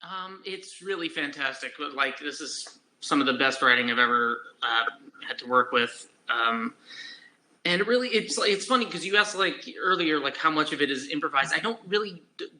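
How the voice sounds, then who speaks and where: A man, an actor guest on a video-call panel, talking in halting runs full of filler words. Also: a little high, animated, pushed and bright, a little hiss or hum, low-quality recording. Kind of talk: casual panel chat.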